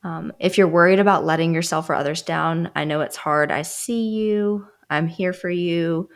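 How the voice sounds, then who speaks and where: Woman, podcast co-host, low gravelly voice, casual chat, reads listener notes. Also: moderate pace. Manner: reads listener answers aloud, laughs often.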